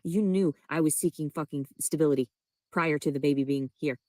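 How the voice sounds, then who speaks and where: A woman's voice: low voice, a little fast, dark tone, dry recording. A woman in a played clip, ranting in fury with constant profanity and demands. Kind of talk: angry profane rant.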